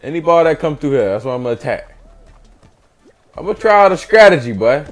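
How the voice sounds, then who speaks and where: A man's voice: on the high side, sing-song, fast talker, long pauses. A young man hosting a gaming channel, giving hyped let's-play commentary, trash-talking and chanting catchphrases while he plays.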